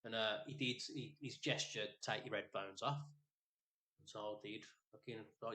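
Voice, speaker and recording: A man on a podcast, chatting casually and telling a story. He rambles and swears a lot, and his voice sits at an ordinary middle pitch. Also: normal speed. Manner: rambling, sweary, animated retelling. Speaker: podcast co-host.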